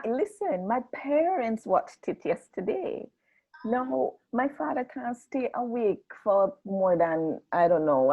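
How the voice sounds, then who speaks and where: A woman hosting an interview, asking questions and thanking her guest in a measured way. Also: mid-range voice, darkish tone, muffled recording. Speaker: interview host.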